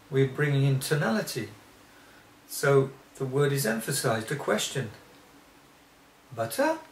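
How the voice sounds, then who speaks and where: A man teaching a spoken lesson, talking slowly and haltingly, often restarting and clearing his throat. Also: medium pitch, roomy sound. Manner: slow and hesitant, frequent restarts and throat clearing.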